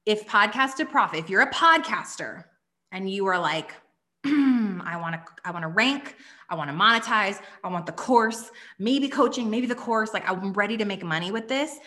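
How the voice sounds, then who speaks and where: A woman in her thirties running a live online workshop, pitching her courses with energetic enthusiasm and frequent "okay?" asides. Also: moderate pace. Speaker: online business coach.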